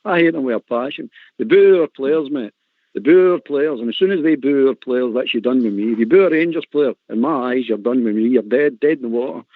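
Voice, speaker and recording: A man's voice: mid-range voice, lively intonation, fairly quick, no room sound. An older man with a Scottish accent speaks bluntly and with heat, repeating his points to drive them home. His voice comes through a tinny, phone-like line with no room sound at all. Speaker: call-in show panelist. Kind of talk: heated casual chat.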